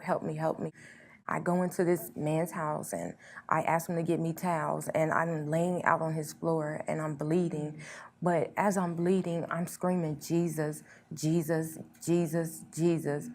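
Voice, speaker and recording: A woman sharing a personal testimony as an interview guest, earnest and quietly reflective. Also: sits low, slight background noise. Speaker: guest sharing her story.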